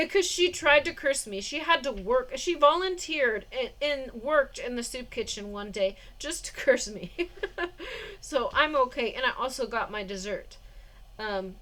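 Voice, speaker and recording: A woman's voice: sits high, lively intonation, a little slow, sharp tone. A woman vlogger telling a personal story in a rambling way, with restarts, fillers and short suspicious laughs.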